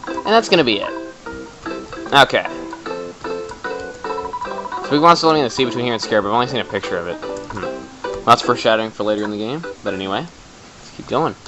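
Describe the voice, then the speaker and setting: A young man casually commenting on a video game, chatty, quick and jokey. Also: medium pitch, animated, music in the background, poor audio. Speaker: let's play commentator.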